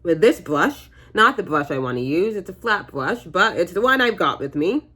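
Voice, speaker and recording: A woman's voice: lowish voice, big pitch swings, moderate pace, bright, forceful tone, husky. A woman in her twenties chatting casually through a makeup tutorial, jokey and rambling, with fillers and the odd swear word. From United States. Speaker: beauty vlogger.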